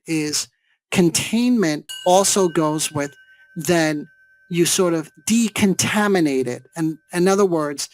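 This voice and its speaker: A man's voice: on the high side, dry recording. Man lecturing with "right?" questions. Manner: explanatory, rhetorical questions with "right?". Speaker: psychologist teaching a seminar.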